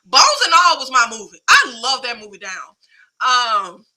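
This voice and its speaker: A woman hosting a film talk show in casual chat, animated and slangy. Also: high-pitched, normal speed, a little hiss or hum, poor audio. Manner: animated, slangy, emphatic, laughs often. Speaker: film podcast host.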